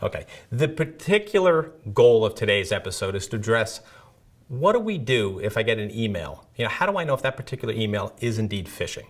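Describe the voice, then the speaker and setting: A man with a fairly low voice hosts a security awareness training episode. He talks casually and joshes at his own expense, tossing in "right?" every few sentences. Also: sing-song, fairly quick. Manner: conversational, self-deprecating, peppered with "right?". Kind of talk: educational video presentation.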